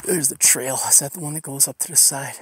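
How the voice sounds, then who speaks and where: A man's voice: mid-range voice, a little fast, fairly bright tone, breathy edge. Profane, sarcastic man ranting on a hike. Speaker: podcast host. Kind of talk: casual rambling monologue while hiking. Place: outdoors on a desert hiking trail.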